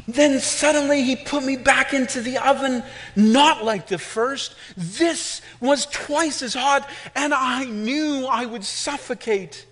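Speaking slowly with hardly any pauses, a man puts on an exaggerated, fairly bright voice for a talking clay teacup. Part of a story within a sermon, the cup cries out in high, strained, pleading tones as it is shaped.

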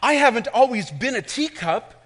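A man putting on a high, pleading talking teacup. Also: animated, normal speed, a bit bright. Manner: high, strained, pleading cries. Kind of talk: sermon illustration story.

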